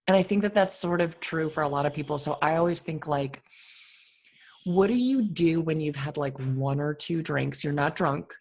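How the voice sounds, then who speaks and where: A woman co-hosting a podcast, with a deep, soothing voice and an animated, expressive way of talking full of fillers. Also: normal speed. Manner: animated and expressive, filler-heavy, laughs often. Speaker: podcast co-host. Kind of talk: casual conversational interview.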